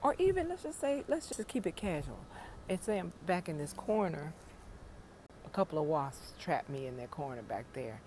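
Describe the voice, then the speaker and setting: A woman's voice: sits low, moderate pace, dark tone, a little hiss or hum. A middle-aged woman chatting casually about her garden, frank and joking, with salty language, talking outdoors in a home garden. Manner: frank, joking, profane storytelling. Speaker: gardening vlogger. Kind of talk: casual chat.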